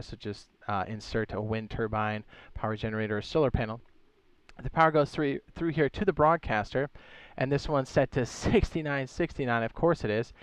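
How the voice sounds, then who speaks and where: A man streaming a game live, casually walking viewers through how things work step by step and answering chat questions with playful asides. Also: medium pitch. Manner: chatty, explains step by step while reading chat questions aloud; playful asides and goofy sound effects.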